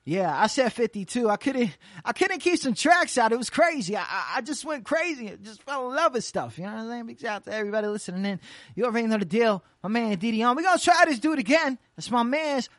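An internet radio host rattling off quick, slangy shout-outs in casual, hyped chatter. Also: medium pitch, no room sound, studio quality. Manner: rapid repeated shout-outs, loose slangy banter.

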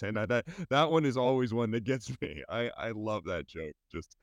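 A man co-hosting a podcast in casual chat, laughing often and stammering when he gets excited. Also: fairly low pitch, normal speed, dry recording. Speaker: podcast co-host.

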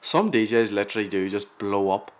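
Young man, animated storytelling. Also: on the low side, fairly quick. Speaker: podcast co-host. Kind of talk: casual chat.

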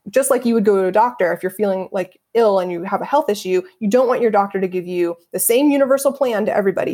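Woman, middle-aged, feng shui practitioner, podcast guest, earnest, reflective, quick to laugh. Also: medium pitch, a little mellow. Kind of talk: conversational interview answers.

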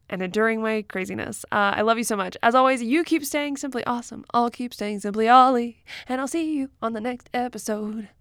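Female solo podcast host, encouraging and playful, a little high-pitched, recorded dry. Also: no room sound. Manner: warm encouraging, laughs often, playful asides. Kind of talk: solo self-help podcast pep talk.

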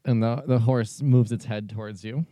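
Male game master, relaxed narration, filler-heavy, dry close sound. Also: medium pitch, normal speed, no echo.

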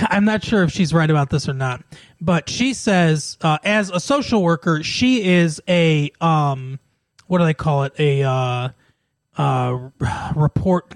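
High-voiced man chatting on a podcast. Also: no echo. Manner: chatty, laughs often while retelling scenes. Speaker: podcast co-host. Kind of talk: casual chat.

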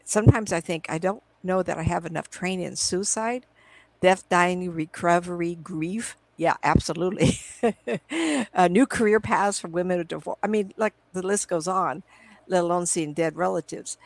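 Over a computer video call, a middle-aged psychic medium spins casual, rambling stories and quotes things she once said in conversation. She speaks at a normal speed in a lowish voice, and the dry recording has poor audio.

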